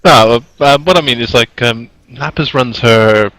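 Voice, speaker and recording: A man's voice: medium pitch, normal speed, sharp tone, dry recording, rough recording. Jokey American man in a group chat. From United States.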